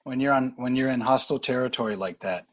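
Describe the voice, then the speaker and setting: A man talking boxing in a casual podcast chat, rambling and halting with lots of fillers and restarts. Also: mid-range voice, lo-fi sound. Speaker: boxing analyst guest.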